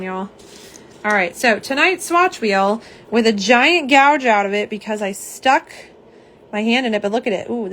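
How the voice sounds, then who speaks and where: A young woman hosting a casual live stream, slightly hoarse, chatty and self-deprecating as she talks to viewers. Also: medium pitch, a bit bright, a little hiss or hum. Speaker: live stream host showing nail polish swatches.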